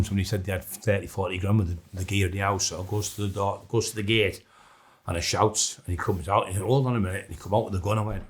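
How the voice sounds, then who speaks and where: A middle-aged man, telling blunt, rambling stories in a documentary interview, full of restarts. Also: on the low side.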